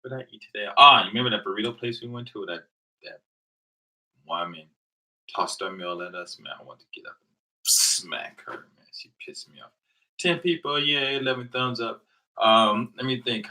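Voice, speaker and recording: Casual vlogger, man, low voice with a sharp bright edge, chatty storytelling, mic a bit distant. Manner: loose rambling storytelling with quoted dialogue. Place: living in Japan.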